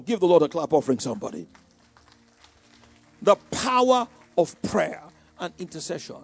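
Animated preacher, loud and soft. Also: male voice, high voice, moderate pace, vocal fry, no room sound, soft background music. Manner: call-and-response preaching, swinging from hushed to shouting. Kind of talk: sermon.

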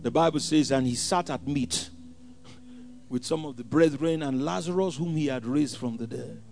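A man preaching a sermon, swinging from hushed asides to shouted scripture quotes. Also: mid-range voice, moderate pace, creaky, soft background music.

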